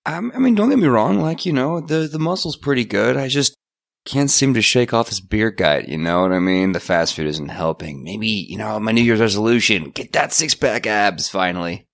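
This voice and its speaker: A young man playing a goofy, anxious newly turned vampire, stammering and gravelly. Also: lowish voice, expressive, normal speed, a bit bright, dry recording. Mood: fretful. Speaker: player voicing a character.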